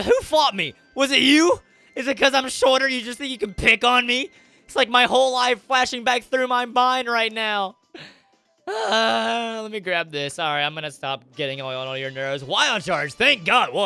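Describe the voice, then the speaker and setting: A young man commentating his own game playthrough, excitable and emotional, swinging into loud frustrated outbursts. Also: high-pitched, smooth, dry recording. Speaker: gaming YouTuber. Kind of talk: Let's Play commentary. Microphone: webcam setup with headset or desk mic.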